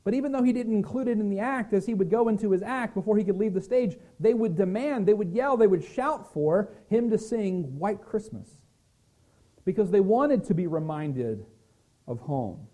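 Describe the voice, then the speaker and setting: A man preaching a sermon as pastor, earnest and gentle, sometimes stumbling over a word and restarting. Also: high-pitched, lively intonation, normal speed.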